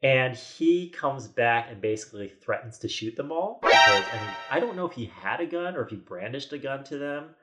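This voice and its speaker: A man's voice: mid-range voice, expressive, normal speed, hardly any pauses, over loud music. Rambling man telling a story. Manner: rambling, many restarts and quoted asides. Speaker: podcast guest. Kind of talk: casual storytelling chat.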